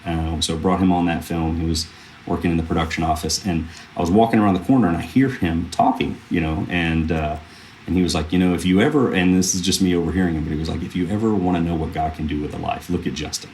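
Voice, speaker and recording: A man's voice: low voice, fast talker, a little mellow, a little hiss or hum. A man in his thirties, a film producer, telling earnest stories in a casual interview, rambling with fillers and restarts. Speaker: film producer, podcast guest.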